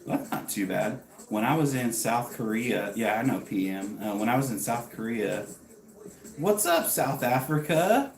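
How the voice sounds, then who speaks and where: A man's voice: medium pitch, lively intonation, a little slow, creaky, reverberant, rough recording. A man in his thirties from the United States, chatting casually with viewers on a livestream and greeting them by name. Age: 30s. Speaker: livestream host. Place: home garage.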